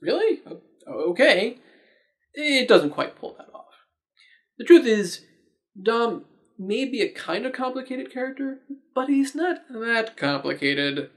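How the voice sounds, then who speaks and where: A man's voice: very high-pitched, sing-song, a little slow. A man hosting his own movie review channel, talking in a casual, chatty way with playful, sarcastic asides.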